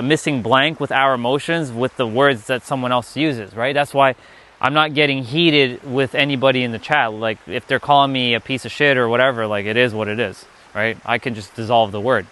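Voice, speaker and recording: A man's voice: mid-range voice, moderate pace, a bit bright. A young man giving a casual live-stream talk as a spiritual teacher, rambling and restarting his sentences often.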